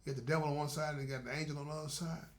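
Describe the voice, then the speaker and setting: A man's voice: fairly high pitch, steady tone, very fast. A man giving a faith-based motivational talk in a conversational, repetitive, preacherly way. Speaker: motivational speaker.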